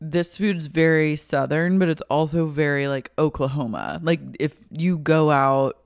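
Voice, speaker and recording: A woman on a podcast, cracking sarcastic remarks as she recaps the episode with her co-host. Her voice is crisp and clear, recorded dry and close. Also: sits low, no room sound. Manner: sarcastic, quick quips. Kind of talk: casual recap chat.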